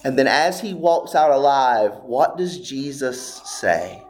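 A man preaching a sermon, telling a story slowly and dramatically, with long pauses and hushed, almost whispered moments. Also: medium pitch, lively intonation. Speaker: pastor.

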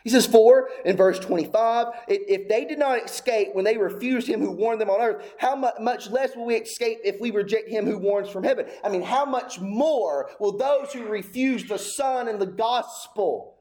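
A man with a notably high voice delivers a sermon. He presses his points through repetition, swinging between loud declarations and quieter, lower asides. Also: normal speed, few pauses. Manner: emphatic, repeating phrases, swinging widely in pitch and loudness. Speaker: preacher.

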